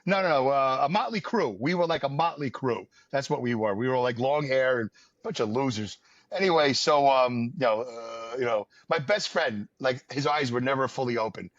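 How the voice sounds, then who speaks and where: In casual podcast chat, a male host from the New York area, US, rambles through wry stories heavy with fillers. His voice is medium in pitch and moderate in pace, and the dull, lo-fi audio is dry with no echo.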